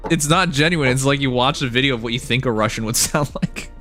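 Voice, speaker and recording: A man's voice: mid-range voice, fast talker, fairly bright tone. A man bantering casually with friends, making wry and provocative jokes. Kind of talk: casual group chat on a livestream. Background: faint background music.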